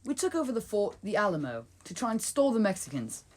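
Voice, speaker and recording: A woman's voice: medium pitch, very animated, quick pace, a little mellow. A young woman playing a blunt colonel. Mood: matter-of-fact. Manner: blunt, curt, slangy. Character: brash colonel, adult man, blunt and curt. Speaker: interviewee in a school history skit. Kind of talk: amateur comedy sketch acting.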